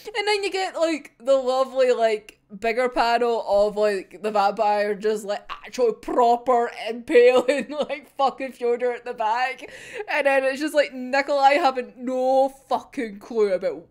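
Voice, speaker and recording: A woman's voice: on the high side, unhurried, darkish tone. A young woman giving a casual, giggly and sweary reaction to a manga chapter. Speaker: manga reviewer.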